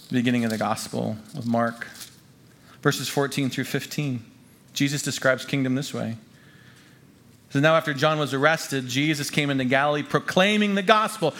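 In a mid-range voice, a pastor preaches a sermon to his congregation at a church gathering. He speaks emphatically, repeats key phrases, and swings between hushed lines and loud ones.

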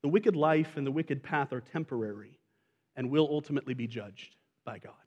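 A man's voice: medium pitch, brisk, a little mellow, muffled recording. Man preaching a sermon in an echoing hall. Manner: conversational preaching, asks the congregation questions. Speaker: pastor.

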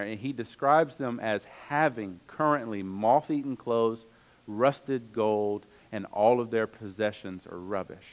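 A man's voice: medium pitch, low-quality recording. A man preaching a sermon, earnest and conversational, reading scripture aloud and adding casual asides. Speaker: pastor.

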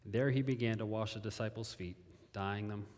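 A man's voice: on the low side, steady tone, moderate pace, darkish tone. A man preaching a sermon in a conversational way, repeating phrases and asking his listeners questions. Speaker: pastor. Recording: long hall reverb.

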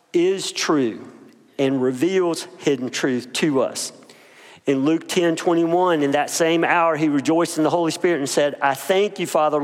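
A man's voice: fairly high pitch, big-room sound. A male pastor preaching a conversational sermon, with fillers and casual asides between scripture readings.

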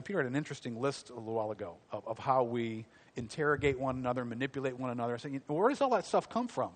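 A man delivers a sermon in a lively, conversational manner, peppering it with rhetorical questions. His voice sits at a medium pitch.

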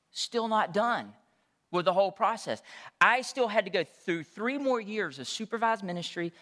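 A man's voice: high voice, bright, forceful tone, long reverb tail. A man, preaching a sermon in a conversational, storytelling way. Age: 40s. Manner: conversational, storytelling with frequent check-ins. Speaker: pastor.

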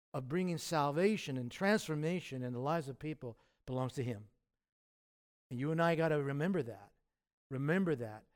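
A man preaching a sermon in a conversational, animated way, with loud emphatic peaks and asides. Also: fairly high pitch. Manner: conversational, with fillers and restarts. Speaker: pastor.

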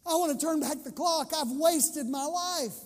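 A man's voice: very high voice, normal speed, in a large hall, voice pushed up. A preacher voicing a remorseful man who desperately pleads to undo a betrayal. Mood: desperate pleading.

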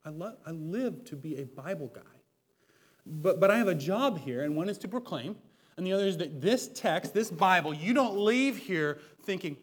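High-voiced pastor preaching with big swings. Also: male voice, big pitch swings, moderate pace. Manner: conversational and self-deprecating, swings from soft asides to loud emphatic peaks. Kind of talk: sermon. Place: church sanctuary.

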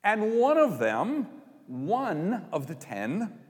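A male pastor preaching a sermon in a conversational, animated way, acting out the lines he quotes. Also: high voice, takes it slowly, long reverb tail.

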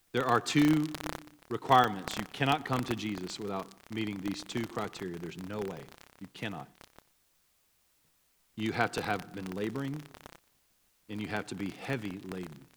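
A pastor giving a conversational sermon, with casual asides and little laughs between points. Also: male voice, lowish voice, normal speed, long pauses, a bit bright, in a large hall, slight background noise, rough recording.

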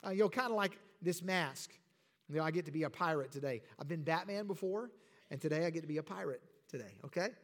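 A man preaching a sermon as pastor, emphatic, with sudden drops to quiet asides. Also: a little high, lively intonation, fast talker. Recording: reverberant hall.

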